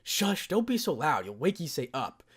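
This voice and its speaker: A man reading fan fiction aloud, voicing Lady Death, a gentle, motherly female spirit with a teasing side. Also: on the high side, sing-song, normal speed, husky.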